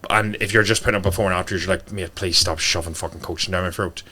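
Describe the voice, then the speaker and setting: A man's voice: low voice, steady tone, quick pace, pushed and bright. A man, a fitness coach guesting on a podcast, talking bluntly and swearing freely. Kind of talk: casual podcast talk.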